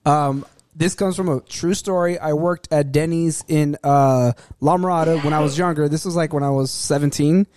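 A man's voice: on the high side, fairly even intonation, normal speed, hardly any pauses, darkish tone. A young man telling a profane, laughing story among friends and acting out the voices of the people in it. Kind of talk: casual storytelling.

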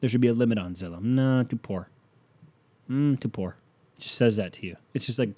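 Exasperated ranting man, mellow voice. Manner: exasperated, swearing, rhetorical questions; swings from loud outbursts to low mutters. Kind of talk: casual comedic rant.

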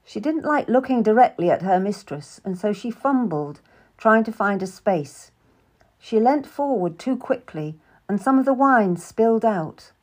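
A woman narrating a first-person historical novel in an even, measured storytelling manner. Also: mid-range voice. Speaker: audiobook narrator.

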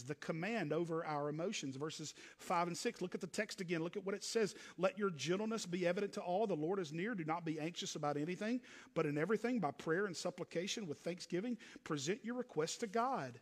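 A man preaching a sermon as pastor, swinging from loud emphatic preaching to low, hushed asides. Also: animated, a little fast, long reverb tail.

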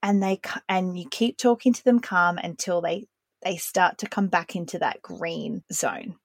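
A woman's voice: on the low side, unhurried, creaky, no echo. Earnest woman, dry close sound. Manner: calm, earnest, explaining with analogies. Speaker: podcast host. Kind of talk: parenting podcast monologue.

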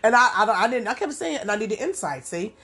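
A woman's voice: fairly high pitch, big pitch swings, quick pace, sharp tone. A woman hosting a podcast, talking in a loose, rambling monologue full of casual asides and repeated "you know what I'm saying.". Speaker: podcast host.

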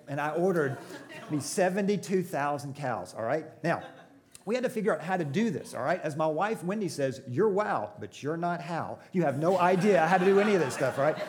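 A middle-aged man preaching a sermon in a church auditorium, telling stories with jokes and asking the audience questions. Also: a little high. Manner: joking, crowd-engaging storytelling. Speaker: pastor.

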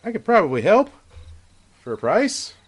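A man voicing a scheming male merchant with a smug, drawn-out way of talking. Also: high voice, big pitch swings, breathy edge, voice pushed up, exaggerated voice.

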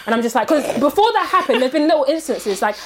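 A woman tells a story in casual chat, fast and slightly high. She acts out the other people with lively quoted voices. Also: noisy background. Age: 30s.

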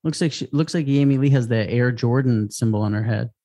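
A man's voice: mid-range voice, brisk, warm tone. A man co-hosting a podcast in casual chat, teasing and wisecracking. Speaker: podcast co-host.

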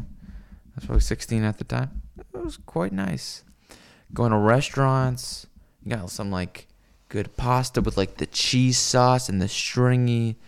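Gravelly young man rambling on stream. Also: medium pitch. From US West Coast. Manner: rambling and profane, with many fillers. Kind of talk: casual stream chat with viewers.

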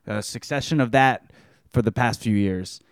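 A man gives a casual, crude book review on his podcast and rambles through the plot. His voice is smooth and resonant. The recording is dry, with no room echo. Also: on the low side, moderate pace. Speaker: podcast host.

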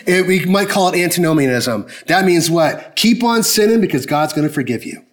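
A man's voice: high voice, animated, fairly quick. A man preaching a sermon in a conversational, emphatic way, often asking the congregation direct questions. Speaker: pastor.

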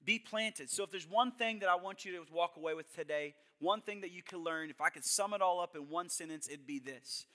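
A young adult man preaching a sermon, telling a personal story with hushed asides and loud emphatic bursts. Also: sits high, a little fast, hardly any pauses. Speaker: pastor.

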